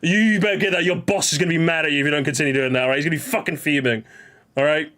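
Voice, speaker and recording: A man's voice: fairly high pitch, fairly even intonation, rapid-fire, fairly bright tone. Sweary mock-angry streamer guy. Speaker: streamer host. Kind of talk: casual stream chat.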